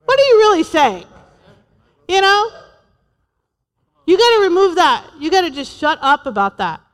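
A woman's voice: very high voice, big pitch swings, moderate pace, pauses often, long reverb tail. A woman in her forties preaching a sermon to a church, humorous and emphatic, repeating her points. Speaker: pastor's wife preaching.

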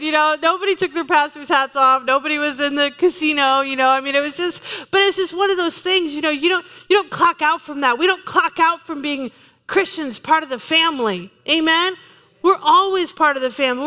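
Woman, pastor, lively sermon, emphatic, joking, bright voice, reverberant hall. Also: high voice. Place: church sanctuary.

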